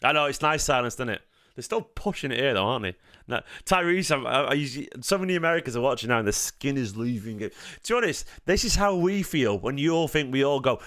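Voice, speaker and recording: A man's voice: mid-range voice, animated, fast, hardly any pauses, fairly bright tone, no echo, studio quality. A man with a Mancunian accent hosting a fan channel live stream, rambling, joking and swearing in casual chat. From Manchester, England.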